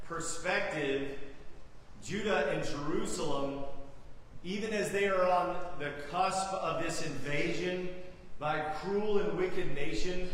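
High-voiced pastor preaching slow, big dramatic bits, far from the mic in a roomy church w faint background hum. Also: male voice, fairly bright tone. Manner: earnest, dramatic emphasis on quoted cries. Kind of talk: sermon. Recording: echoey hall from far off.

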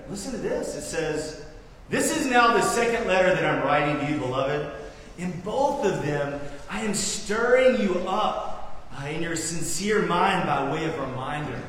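A middle-aged man preaching a sermon, acting out quotes and swinging from loud to hushed. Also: sits high, slight background noise. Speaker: pastor. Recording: echoey hall, voice from far off.

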